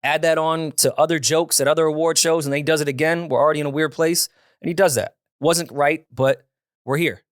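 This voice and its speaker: A man co-hosting a podcast in loose, blunt chat, swearing freely and cutting into the others. His voice sits a touch high for a man. The studio sound is dry and close. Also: fairly even intonation, brisk, dry recording. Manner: blunt and profane, talks over others. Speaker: podcast co-host. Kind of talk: casual chat.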